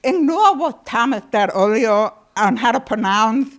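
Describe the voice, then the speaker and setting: Slow, higher-voiced woman with a lilt, wry conference presenter. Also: expressive. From United States. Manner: wry, self-deprecating, laughing.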